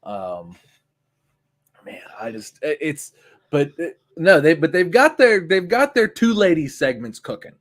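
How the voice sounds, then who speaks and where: Animated chatty podcast co-host man. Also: a little high, a little slow. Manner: animated, rambling with restarts. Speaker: youth sports coach. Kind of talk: casual chat.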